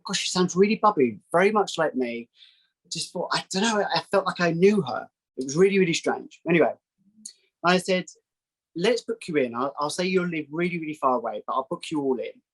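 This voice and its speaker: A man, a psychic guest telling a story in casual chat, acting out quoted voices in a higher pitch. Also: expressive, a little fast, slightly rough, poor audio. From England.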